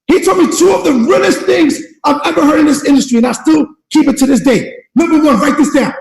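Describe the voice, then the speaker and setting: A man giving a fired-up motivational speech on a team call, shouting and repeating himself like a preacher. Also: very high-pitched, fast talker, creaky, reverberant, long reverb tail, rough recording. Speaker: network marketing leader.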